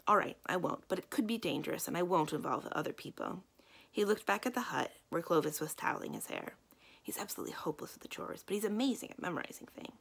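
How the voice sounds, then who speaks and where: A librarian reads a children's novel aloud in an easy storytelling manner. Her voice sits low with a gravelly fry, and she lifts it for the characters' lines. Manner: gentle storytelling, lifting her voice for dialogue. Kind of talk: children's book read-aloud.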